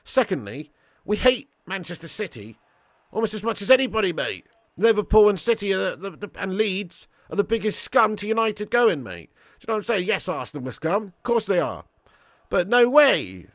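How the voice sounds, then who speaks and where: A man hosting a live football watch-along, giving commentary and reading out chat in an excitable, slangy way with indignant outbursts. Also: high voice, fairly quick, no room sound. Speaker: match watch-along host.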